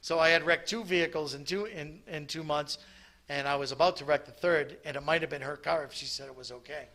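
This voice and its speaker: Man, bright edgy gravelly voice, halting personal testimony. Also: fairly high pitch. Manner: halting, many restarts and ums. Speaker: recovery meeting speaker.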